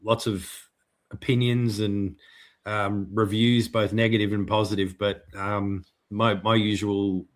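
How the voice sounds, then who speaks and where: A man's voice: fairly low pitch, level tone, unhurried. A man co-hosting a podcast, speaking in a hesitant, mock-indignant casual chat with many fillers. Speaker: podcast co-host.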